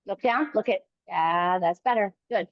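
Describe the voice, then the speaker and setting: A woman coaching a kettlebell workout live, giving calm encouraging cues in short phrases. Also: medium pitch, measured pace, dry recording, highs cut off. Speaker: fitness coach.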